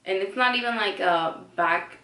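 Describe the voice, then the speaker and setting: A woman's voice: mid-range voice, moderate pace, pushed and bright, roomy sound, recorded from a distance. A woman vlogger ranting casually to camera, chatty and blunt, filling her talk with "like". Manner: chatty, heavy use of "like", blunt and indignant.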